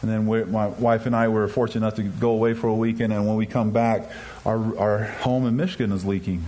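A man's voice: on the low side, steady tone, a little fast, warm tone, a little hiss or hum, rough recording. A man telling his own story as a testimony to an audience, earnest and confessional, speaking straight to his listeners. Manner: acts out his own and others' words in dialogue. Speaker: speaker giving a personal testimony.

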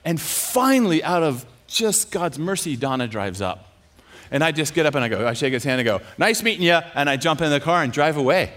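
A preacher telling a story in a sermon. He is animated and self-mocking, and he often laughs as he talks. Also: a little high, a little fast.

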